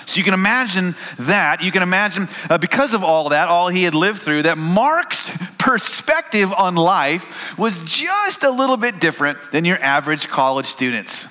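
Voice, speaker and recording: A man preaching a sermon, telling stories in a relaxed, conversational way with small restarts. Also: high-pitched, moderate pace, few pauses. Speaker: pastor.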